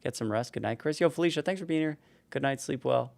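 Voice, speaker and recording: A man's voice: medium pitch, fast, creaky, darkish tone, no room sound. A tired man in his forties, a streamer casually signing off a livestream and rambling as he thanks viewers by name. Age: 40s.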